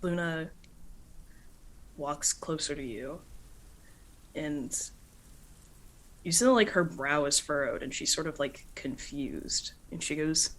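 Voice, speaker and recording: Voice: mid-range voice, slow pace, pauses often, a bit bright, rough recording. A game master narrating a tabletop game in casual speech full of filler words. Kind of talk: tabletop role-play narration.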